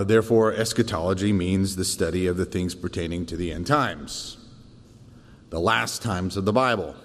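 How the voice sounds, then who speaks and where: Deep-voiced man teaching Sunday school. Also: big-room sound. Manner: thoughtful, with frequent fillers and restarts. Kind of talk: church Bible lesson.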